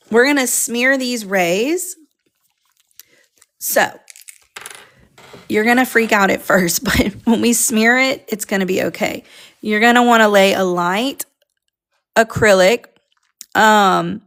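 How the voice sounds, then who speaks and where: An art teacher leads a live coloring class on a stream, chatting casually with viewers as she works. Her voice is on the high side with a fairly bright tone.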